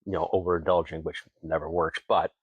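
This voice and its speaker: A man's voice: deep voice, brisk, breathy edge, dry recording, phone-quality sound. A man from Washington State, a distillery owner, telling folksy stories as a guest in a casual interview, chuckling between lines and acting out what other people said. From Tenino, Washington. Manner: lively storyteller who acts out other people's lines.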